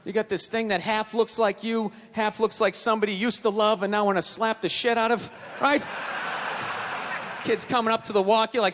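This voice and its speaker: A man doing a stand-up set, ranting in an animated, profane way at a live comedy venue. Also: high voice, brisk, a little hiss or hum. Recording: reverberant hall, faint ambience.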